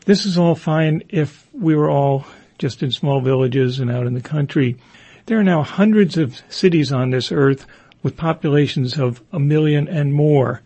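A man's voice: a little high, moderate pace, dark tone, slightly rough, no room sound. A man hosting an interview and asking probing, direct questions. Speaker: interview host.

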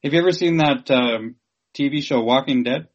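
A man asking questions in a conversational interview, speaking haltingly with many restarts and fillers. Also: medium pitch, lo-fi sound.

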